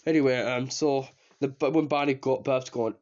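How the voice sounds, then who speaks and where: A man's voice: mid-range voice, fairly even intonation, normal speed, darkish tone. A man giving a casual spoken review of a cartoon series, rambling and repeating himself as he trails off into fillers. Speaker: TV show reviewer. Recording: slightly dull lo-fi recording.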